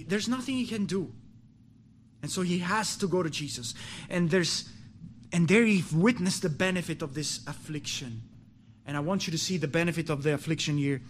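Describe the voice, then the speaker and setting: A man preaching a sermon with passion, rising to loud pleading and dropping to low, quiet stretches, often restarting his words. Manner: impassioned, swings from pleading loud to low and hushed.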